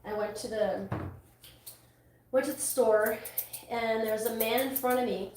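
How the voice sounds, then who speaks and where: A dog groomer chats casually while working in a grooming salon, rambling and restarting often. Her voice is fairly high, steady, unhurried, and a little mellow. The recording is echoey, with a distant mic and faint noise.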